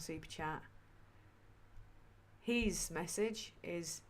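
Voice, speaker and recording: A woman hosts a casual political livestream, her voice sitting at a middling pitch. She talks in a sweary, rambling way full of ums and sardonic asides, as if chatting with regulars. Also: expressive, a little slow, a bit bright. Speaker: livestream host.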